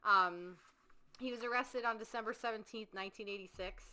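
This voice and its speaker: A woman's voice: on the high side, fairly quick, bright, forceful tone. A woman co-hosting a podcast in casual true-crime chat, talkative, swearing freely and acting out quotes. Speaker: podcast co-host.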